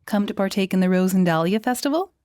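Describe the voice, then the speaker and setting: A woman voicing a pompous, fawning male courtier in a powdered wig, pitching him high for an audiobook. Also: lively intonation, fast, darkish tone, no room sound, studio quality, natural voice.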